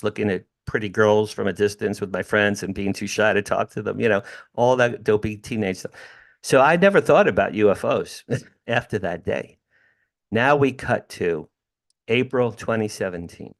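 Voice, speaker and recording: Animated older man telling a story. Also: fairly low pitch, vocal fry. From New Jersey, USA. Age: 60s. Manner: animated, emphatic storyteller who addresses the host by name. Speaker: podcast guest. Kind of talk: storytelling in an interview. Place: home room with drums.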